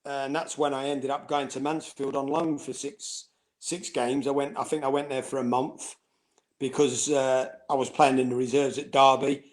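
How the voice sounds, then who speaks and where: A middle-aged former footballer telling anecdotes in a casual interview, laughing and acting out quoted voices. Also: male voice, medium pitch, little pitch movement, moderate pace.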